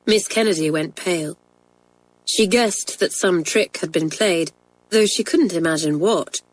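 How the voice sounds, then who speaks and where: A woman's voice: on the low side, rough recording. Woman reading a children's story. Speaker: audiobook narrator.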